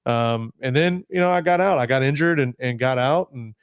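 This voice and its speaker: Recorded on a desk podcast mic, the sound is dry and lo-fi, with a clear, resonant, medium-pitched voice at a moderate pace. He's a Marine veteran in his forties, a guest in a casual interview, telling his story in a rambling way full of restarts and fillers.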